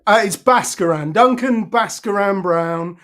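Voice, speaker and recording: Friendly English man, high voice. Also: measured pace, fairly bright tone. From England. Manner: laughs easily, friendly. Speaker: guest author. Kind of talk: interview.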